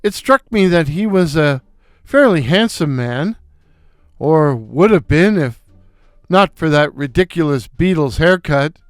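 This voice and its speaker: Older man, slow wry storyteller. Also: a little high, lively intonation, no room sound, clean studio sound. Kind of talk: scripted narration.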